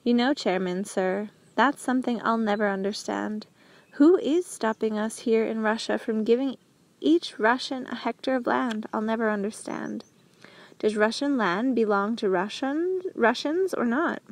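A woman's voice: a little high, unhurried, no echo. A woman reading as a blunt, stubborn male prisoner. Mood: earnest. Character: outspoken male prisoner farmer, stubborn and earnest. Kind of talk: audiobook character reading.

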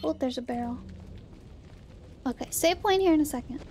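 A woman streamer chatting casually and excitably while gaming, humming to herself, her voice going hoarse. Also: high-pitched, normal speed, music in the background. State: losing her voice.

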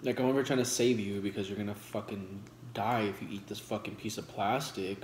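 Casting: young guy, low voice, relaxed slangy mukbang chat between bites, echoey noisy room. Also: a little fast. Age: 20s. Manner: laid-back slangy talk with frequent swearing; talks between bites while eating. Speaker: vlogger.

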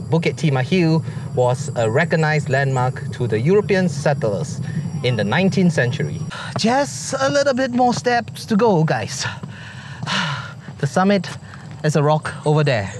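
A man's voice: a little high, animated, normal speed, noisy background. Breathless man vlogging on a hike. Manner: joking, complaining, exclaiming. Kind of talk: casual hiking vlog. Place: outdoors on a forest trail.

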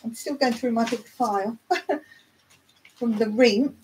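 A woman's voice: a little high, takes it slowly, slight background noise, poor audio. A middle-aged woman from England, hosting a casual live chat, talking in a chatty way, reading aloud and singing snatches of songs. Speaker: livestream host.

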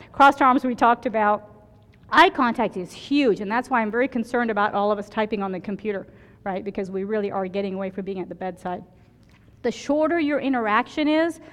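Fast-talking woman lecturing in a hall. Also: medium pitch, a bit bright. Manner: chatty, storytelling, keeps asking "right?". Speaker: emergency physician lecturer. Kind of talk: conference lecture with anecdotes.

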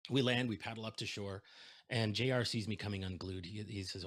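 A man's voice: lowish voice, a little fast. A man giving a keynote talk over a video call, telling a story and acting out the voices of the people in it. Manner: animated storyteller, acts out quoted voices. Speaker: keynote speaker. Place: home setup, video call. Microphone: desk microphone.

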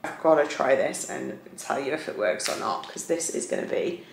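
A woman's voice: extremely low pitch, expressive, moderate pace, vocal fry. A young woman chatting casually to camera as a vlogger, bubbly with lots of fillers. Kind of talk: casual chat. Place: home, indoors and out walking. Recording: roomy echo, faint noise.

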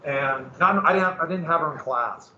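A man's voice: on the high side, moderate pace, sharp tone, a little hiss or hum. A male teacher chatting casually and rambling to his class in a classroom. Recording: echoey room, far from mic, muffled.

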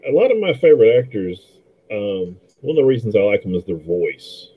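A man's voice: on the low side, very animated, a little fast, husky. A middle-aged man chatting casually about movies as a podcast co-host, with frequent fillers and restarts. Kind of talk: casual movie commentary chat. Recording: tinny phone-like line.

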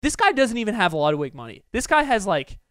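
A high, clear-voiced young man telling a story. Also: fairly quick, dry recording, clean studio sound. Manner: animated, profane anecdote-telling with many fillers. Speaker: podcast host. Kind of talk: casual storytelling.

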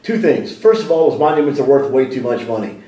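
A man's voice: mid-range voice, expressive, quick pace, dark tone, echoey room, distant mic, low-quality recording. A man giving a sit-down interview in a library room, talking animatedly with frequent restarts and rhetorical questions. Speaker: interview guest.

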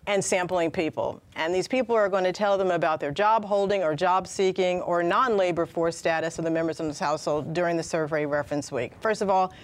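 Chatty woman with a low voice. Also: fairly quick, few pauses. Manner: chatty, laughs often, asks rhetorical questions. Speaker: show producer presenting a topic. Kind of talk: casual talk show discussion with slides. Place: community access TV studio.

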